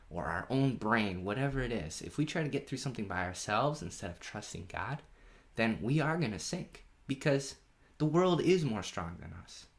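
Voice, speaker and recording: Guy with a lowish voice doing a kids bible lesson at home, animated, asks lots of questions. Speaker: children's pastor. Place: home during lockdown.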